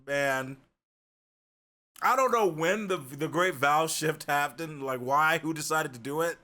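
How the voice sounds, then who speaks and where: A young male livestreamer chats casually with his viewers, joking and animated, swearing freely. His voice is fairly high and unhurried.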